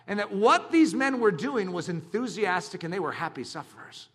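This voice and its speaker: A man preaching a sermon as a pastor, talking in an animated, dramatic way with bursts of shouting. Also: very high-pitched, moderate pace.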